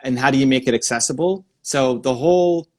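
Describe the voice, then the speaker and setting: Excited man coaching on a live stream. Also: mid-range voice. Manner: energetic, talks fast in bursts, thinks out loud.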